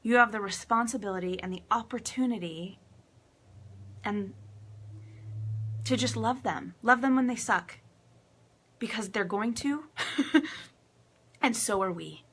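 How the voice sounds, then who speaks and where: A woman relationship coach telling a personal story to camera in a casual, animated way, acting out quotes and getting emotional. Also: a little high, measured pace, long pauses, slightly rough. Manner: laughs often, emotional.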